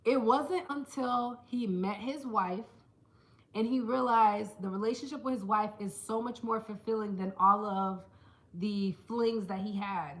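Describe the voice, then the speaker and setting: A woman's voice: mid-range voice, a little slow. A woman vlogging casually to camera, chatty and playful, calling her viewers "girl" and "child,". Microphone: small handheld camera.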